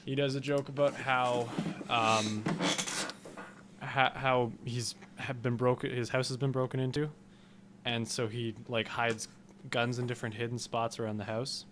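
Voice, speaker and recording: A man co-hosting a podcast, chatting casually and rambling through his take, getting animated when he retells jokes. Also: medium pitch, measured pace, noisy background. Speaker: podcast co-host. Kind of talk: casual chat.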